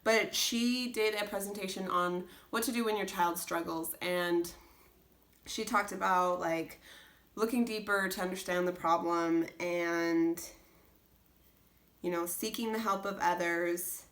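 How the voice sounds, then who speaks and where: A woman's voice: on the low side, steady tone, measured pace, a bit bright. A young woman talking casually as a homeschooling mom, earnest and rambling, full of restarts and "like". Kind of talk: casual chat.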